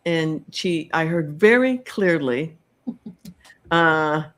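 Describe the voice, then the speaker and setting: A middle-aged woman hosting a podcast, telling a personal story in a slow, reflective way with many pauses and ums. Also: low voice, expressive. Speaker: podcast host telling her own story.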